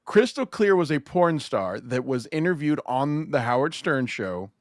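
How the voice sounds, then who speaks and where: A man hosting a podcast, telling a story in an animated, swearing, laughing style of casual chat. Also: fairly high pitch, measured pace, dry recording, studio quality. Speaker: podcast host.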